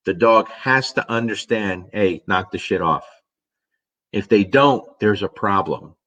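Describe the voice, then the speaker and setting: A middle-aged man, a dog trainer, casually telling a story and answering viewer questions, animated and swearing now and then. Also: low-pitched. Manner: animated storyteller, swears casually, acts out his own reactions.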